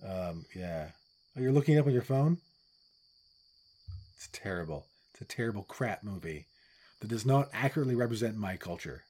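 A middle-aged man from with its holds forth in loose podcast chat. His voice is dark and mellow, and he rants bluntly, swearing freely as he goes. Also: on the low side, expressive, moderate pace, pauses often, husky. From Newfoundland, Canada. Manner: blunt, profane ranting. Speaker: podcast co-host. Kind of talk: casual chat.

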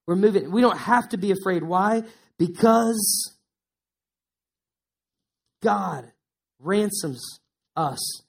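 A man pastor preaching a sermon in a conversational way, repeating words for emphasis. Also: high-pitched.

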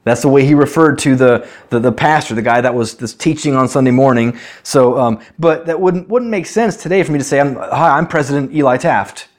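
Guy pastor going thru bible verses, chatty, asks the room questions, mid-pitched voice. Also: brisk, few pauses, darkish tone. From United States. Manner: conversational, explanatory, asks rhetorical questions. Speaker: pastor teaching a Bible study. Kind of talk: sermon, verse-by-verse Bible teaching.

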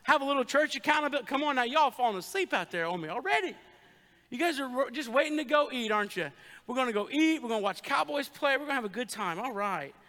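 Male pastor, chatty joking sermon style, high voice, long hall reverb. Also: expressive, pushed and bright. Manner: joking, conversational preaching with quick asides to the crowd. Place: church sanctuary.

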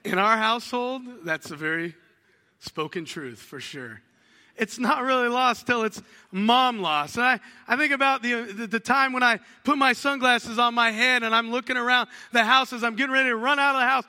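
A man with a high, piercing, intensely bright voice preaches a sermon. He tells stories with energy and acts out small exchanges at home. A long reverb trails off every phrase, like a church hall. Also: normal speed. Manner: animated storytelling, acts out household dialogues. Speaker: pastor.

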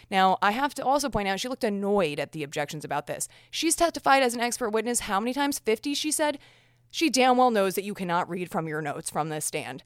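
A woman's voice: medium pitch, no echo, studio quality. A woman hosting a casual commentary podcast, talking frankly and chattily with lots of fillers and restarts. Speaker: podcast host.

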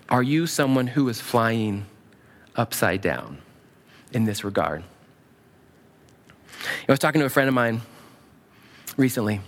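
A man preaching a sermon as a pastor, animated and acting out quoted prayers in a raised voice. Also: medium pitch.

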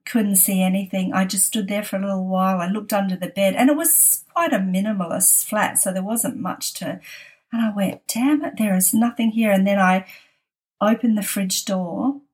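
A woman's voice: medium pitch, moderate pace, darkish tone. Chatty Australian woman telling a story. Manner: chatty, laughs as she tells it. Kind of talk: casual spoken anecdote.

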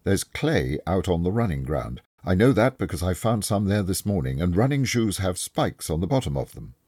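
A man reading a story aloud, voicing a calm, clever male detective who explains things step by step and is kindly but firm. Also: deep voice, normal speed, breathy edge, no room sound, clean studio sound, pitched above the performer's own voice, full character voice. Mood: explaining. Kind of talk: audiobook reading.

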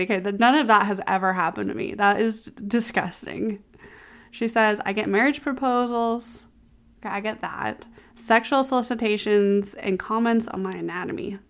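A woman physical therapist hosts a casual solo podcast. She reads online posts aloud at an everyday mid pitch. Between the posts she breaks in with candid, exclaiming reactions. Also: normal speed.

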